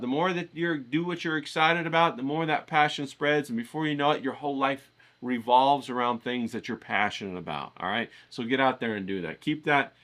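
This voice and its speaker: A man's voice: mid-range voice, a bit bright. A man giving a casual motivational pep talk to his viewers, hyped and coaxing, with slangy repeated phrases. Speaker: motivational vlogger.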